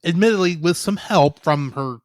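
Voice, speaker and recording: A man co-hosting a podcast, calmly and analytically talking through a film's story in casual chat. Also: a little high, moderate pace, no echo, clean studio sound. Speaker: podcast co-host. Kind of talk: casual film review chat.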